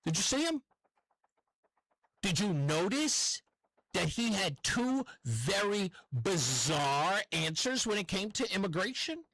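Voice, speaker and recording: A man's voice: high voice, very animated, slow, fairly bright tone, no echo, poor audio. A man with a New York accent hosting a talk radio show, delivering a rambling, self-correcting opinion monologue from a studio.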